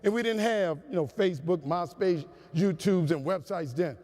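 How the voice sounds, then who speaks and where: A man giving a humorous motivational keynote to a conference crowd, with an animated, preacher-like cadence. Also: sits high, moderate pace. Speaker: motivational speaker. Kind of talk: storytelling keynote speech. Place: large conference hall. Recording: long hall reverb.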